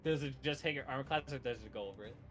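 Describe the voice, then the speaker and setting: A man running a tabletop game as game master, relaxed and quick to laugh. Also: medium pitch, soft background music.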